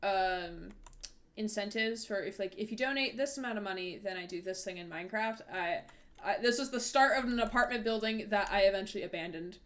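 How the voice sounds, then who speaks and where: A woman with a mid-range voice hosts a live game stream, speaking fairly quickly. She chats casually and rambles, using many fillers and often correcting herself.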